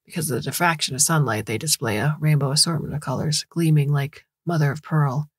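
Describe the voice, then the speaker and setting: A woman's voice: low voice, brisk, slightly rough, no room sound, studio quality. A woman narrator voicing a proud young male meteorologist who talks in a flippant, mocking way. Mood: presenting. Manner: flippant, mocking toward the bird.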